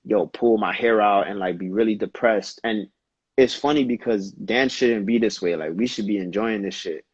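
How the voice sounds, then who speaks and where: A young man from Brooklyn, a dancer, talking casually in an interview and telling animated, slangy stories in quick bursts. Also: lowish voice, slightly rough, no echo, highs cut off. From Brooklyn, New York. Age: young adult. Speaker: dancer, guest.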